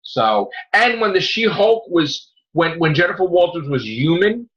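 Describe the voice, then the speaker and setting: A man hosting a casual podcast, rambling excitedly about comic books and swearing freely as he retells scenes. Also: fairly high pitch, measured pace. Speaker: podcast host. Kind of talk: casual comic book chat. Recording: dull lo-fi recording.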